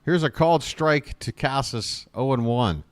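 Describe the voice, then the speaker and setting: A man's voice: animated, unhurried, no echo. Chatty man calling a baseball game. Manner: chatty, thanks viewers warmly between pitches; gets emotional and jokey. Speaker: host of a fan play-by-play stream. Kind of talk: live fan play-by-play commentary.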